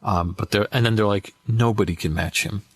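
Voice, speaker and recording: Brief: low-pitched man, voice actor guest, lively storyteller, dry close mic. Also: a little fast, no echo. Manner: animated anecdotes with acted-out quotes. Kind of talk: casual interview storytelling.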